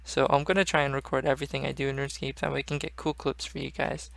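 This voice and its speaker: A man's voice: medium pitch, little pitch movement, fast talker, vocal fry, fairly bright tone, no room sound. A young man hosting a gaming channel, rambling casually and swearing often. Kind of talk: casual gaming vlog chat.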